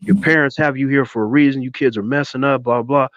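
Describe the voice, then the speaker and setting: A man tells a story in casual conversation, laughing and jumping into loud impressions of the people in it. His voice sits at a middle pitch. It comes through a muffled, lo-fi line with no room echo. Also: fast talker. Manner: animated storyteller, acts out yelling voices, laughs often. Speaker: co-host.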